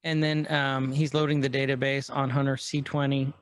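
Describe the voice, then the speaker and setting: A man's voice: mid-range voice, little pitch movement, moderate pace, clean tone, no room sound. A man co-hosting a podcast, casually recapping a show episode in a rambling way with lots of fillers. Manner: rambling recap, quoting characters loosely with fillers. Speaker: podcast co-host.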